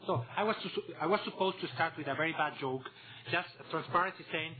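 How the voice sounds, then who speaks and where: A man's voice: a little high, quick pace. Man with a Spanish accent, tinny audio. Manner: hesitant, repeats words, joking asides. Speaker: conference speaker. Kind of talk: conference presentation. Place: meeting room. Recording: tinny phone-like audio with faint hum.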